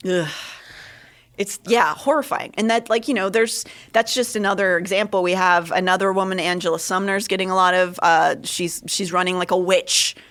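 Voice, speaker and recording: Woman cohosting a chatty livestream, gets animated and jumps up high on the jokes. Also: normal speed. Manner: animated, pitch jumps on punchlines. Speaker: podcast co-host. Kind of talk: casual livestream chat.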